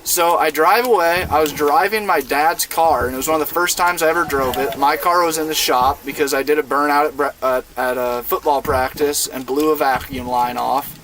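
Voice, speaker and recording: A man's voice: on the high side, steady tone, moderate pace, few pauses, fairly bright tone, slight background noise. A man in his twenties from Iowa, telling a rambling, profane story in casual chat while streaming a game. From Iowa, USA. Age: 20s. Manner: laid-back, profane, rambling with lots of fillers. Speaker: gaming streamer. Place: inside a van.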